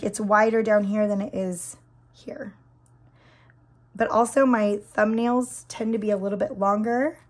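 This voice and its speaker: A slightly high-voiced woman in her thirties with a hoarse, scratchy throat chats casually as she paints her nails. She gushes with lots of fillers, and her voice keeps dropping into breathy whispers. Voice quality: breaks into whispers. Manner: chatty, gushing, many fillers. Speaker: nail vlogger. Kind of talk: casual chat while doing a manicure.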